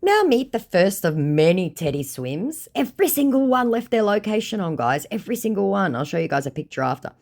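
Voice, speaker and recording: A woman's voice: medium pitch, sing-song, a little fast, hardly any pauses, darkish tone. A young woman, narrating her scam-baiting chats in a dry, mocking, exasperated way. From New Zealand. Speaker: scam-baiting video creator. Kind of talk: sarcastic storytelling narration.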